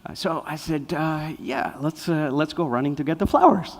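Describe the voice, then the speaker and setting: A man giving an inspirational talk as a guest speaker, telling lively stories and often checking in with "right?". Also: a little high, moderate pace. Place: spiritual center hall. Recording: long reverb of a large hall.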